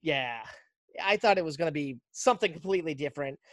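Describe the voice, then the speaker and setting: A podcast host tells a film's story in a loose, animated way, now and then dropping into little voices for the characters. The voice sits at an ordinary pitch and is recorded close and dry, with almost no room sound. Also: fast talker, no room sound. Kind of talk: casual movie recap.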